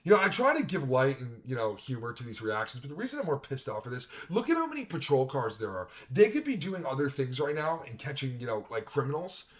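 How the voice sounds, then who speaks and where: A man's voice: medium pitch, big pitch swings, quick pace, hardly any pauses, fairly bright tone. A man streaming a reaction, ranting angrily and swearing as he comments on a video. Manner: angry, profane ranting.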